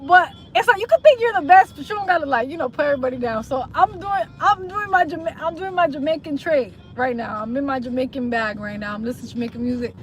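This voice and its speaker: A woman's voice: sits high, fast, hardly any pauses. A woman chatting casually on a live stream, teasing her viewers and switching between English and Spanish. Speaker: livestreamer. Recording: noisy street sound behind. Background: traffic and city noise.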